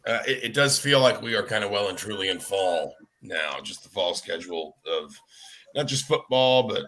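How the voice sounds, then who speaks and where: A man's voice: fairly low pitch, animated, normal speed, fairly bright tone. A man joining a sports radio show as a guest, talking in a hedging, easygoing way. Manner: hedging, lots of you know and kind of. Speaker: guest reporter. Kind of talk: casual sports radio chat.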